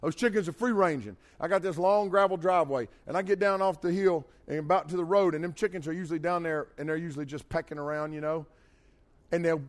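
A middle-aged man preaching a sermon, folksy and animated, with jokey asides. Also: fairly high pitch. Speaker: pastor. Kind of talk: sermon with storytelling.

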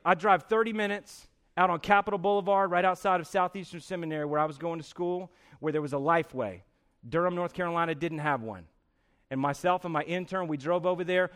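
Gravelly high-pitched preacher telling stories. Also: male voice. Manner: animated storytelling, acting out scenes with shouts. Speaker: pastor. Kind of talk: sermon.

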